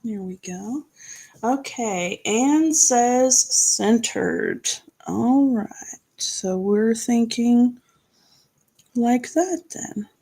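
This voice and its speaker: Woman craft-stream host, a bit high-voiced, unhurried, chatty, reads out comments and laughs easily. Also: vocal fry, mellow, husky. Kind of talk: casual live-stream crafting chat.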